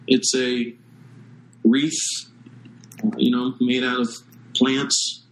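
Earnest pastor preaching. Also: male voice, medium pitch, level tone, slight background noise, rough recording. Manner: earnest, measured, emphatic phrasing with pauses. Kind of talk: sermon.

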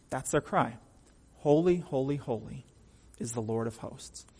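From the pulpit, a pastor with a medium-pitched voice preaches emphatically, frequently putting questions to the congregation. A long reverb tail follows his speech.

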